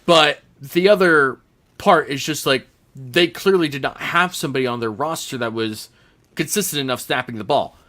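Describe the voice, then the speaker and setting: Bright-voiced chatty sports podcast man. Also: mid-range voice, fairly quick. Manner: chatty, rambling, laughs easily. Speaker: podcast host. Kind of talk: casual sports chat.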